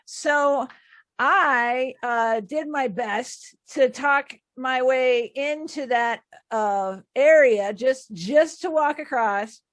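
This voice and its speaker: High-voiced woman host, dry close sound. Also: drawn-out words, no echo. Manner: encouraging listener, frequent "mm-hmm" and "uh-huh". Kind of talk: casual interview chat.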